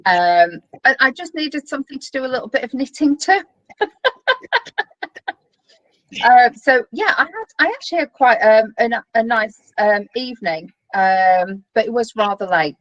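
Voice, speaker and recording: A woman's voice: on the high side, lively intonation, moderate pace, fairly bright tone, dry recording, muffled recording. A woman co-hosting a casual web show, chatting in a rambling way with plenty of fillers. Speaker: co-host.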